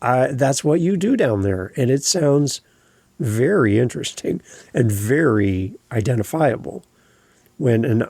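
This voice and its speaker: A man hosting a podcast, giving earnest, encouraging coaching on clear speech and stressing the ends of words. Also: medium pitch, expressive, unhurried, darkish tone, dry recording. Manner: earnest, encouraging, emphatic on word endings. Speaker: podcast host.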